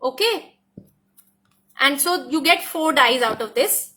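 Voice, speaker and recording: An Indian woman with a high, bright voice walks through a craft product demo with eager enthusiasm. She repeats herself often and drops into Hindi now and then. Her tone stays lively and keeps inviting you to look closer. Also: takes it slowly. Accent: Indian English. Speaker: craft die designer presenting new products. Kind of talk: product demonstration tutorial.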